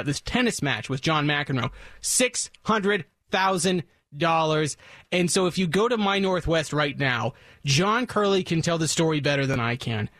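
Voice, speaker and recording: Chatty man on radio, higher voice. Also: a bit bright, no echo, studio quality. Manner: chatty, self-deprecating storyteller. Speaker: radio host. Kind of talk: casual radio banter.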